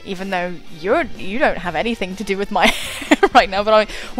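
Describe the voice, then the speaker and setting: Woman streamer in her twenties, casual and chatty, average pitch, faint background music. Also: moderate pace, few pauses. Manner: chatty, self-mocking, swears and laughs often. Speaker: gaming YouTuber. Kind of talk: casual battle commentary.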